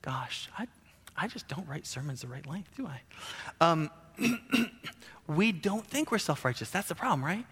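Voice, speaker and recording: A man preaches in a casual, conversational way, acting out the people he quotes. His voice is on the higher side, with a bright edge. It rings out in a large hall with a long reverb tail. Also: sing-song, a little slow, husky. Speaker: pastor. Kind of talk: sermon.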